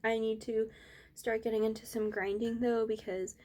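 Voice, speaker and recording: A young woman, an art student, rambling softly in a casual vlog with many fillers, a little out of breath. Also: fairly high pitch, little pitch movement, moderate pace.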